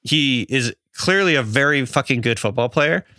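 A man co-hosting a casual sports podcast, laid-back and quick to laugh. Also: mid-range voice, animated, bright, forceful tone, dry recording, clean studio sound. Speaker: podcast co-host. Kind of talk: casual chat.

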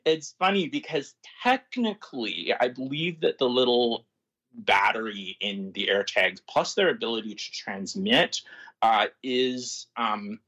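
A man's voice: medium pitch, a little slow, pushed and bright, dull audio. A man co-hosting a casual news chat show, reading articles aloud and laughing often. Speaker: co-host reading news items.

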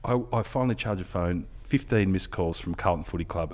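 An Australian man in his thirties telling a long funny story in casual podcast chat, jumping into loud quoted voices. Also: sits low, fairly quick, few pauses.

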